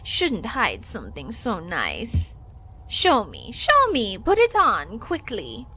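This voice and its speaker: A woman voicing a greedy, gluttonous female bug creature in a game, drawling slow and coaxing in a sing-song way. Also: medium pitch, huge pitch swings, bright, forceful tone, slight background noise, pitched above the performer's own voice, heavily acted, low-quality recording. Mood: wheedling. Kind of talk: reading game dialogue aloud in a voice.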